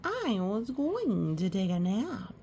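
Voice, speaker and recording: Woman doing storybook cat, female, calm, curious, unhurried, lively pitch. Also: slight background noise. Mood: amused.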